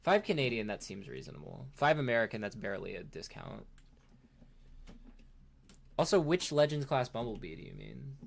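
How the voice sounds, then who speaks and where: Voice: mid-range voice, huge pitch swings, normal speed, vocal fry, pauses often. A livestream host chatting casually with chat while unboxing a toy, rambling and laughing often.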